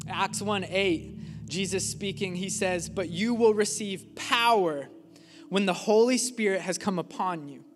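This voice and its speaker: High bright-voiced preacher in a reverberant hall. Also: male voice, measured pace, soft background music. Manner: impassioned preaching, acted-out quotes, builds to shouts. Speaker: pastor. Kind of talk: sermon.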